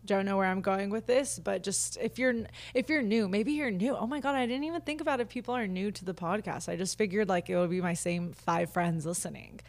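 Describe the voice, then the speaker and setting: A woman's voice: medium pitch, a little fast, few pauses. A woman in her twenties hosting her own podcast from her living room couch, chatting casually and ranting candidly with lots of fillers. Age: 20s. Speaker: podcast host. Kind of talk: casual solo podcast chat.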